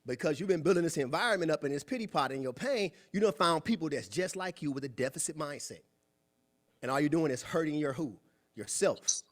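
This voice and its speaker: A young man giving a preachy, animated motivational talk at a club meeting, acting out quoted voices. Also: a little high, brisk. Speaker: guest speaker. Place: meeting room.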